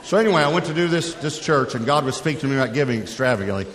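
A man's voice: medium pitch, expressive, racing, a bit bright. A middle-aged man and pastor telling a personal story in a sermon, talking conversationally with frequent restarts. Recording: long reverb of a large hall.

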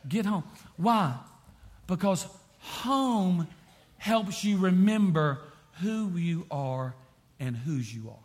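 A man preaching a sermon as pastor, repeating phrases and swinging from quiet to impassioned. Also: sits high, lively intonation, slow pace.

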